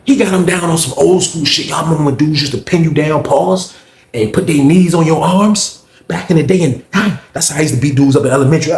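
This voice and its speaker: Gravelly man telling a storytime. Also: a little high, brisk, a little mellow, reverberant. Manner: slangy, addresses viewers, acts out scenes. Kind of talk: casual storytime.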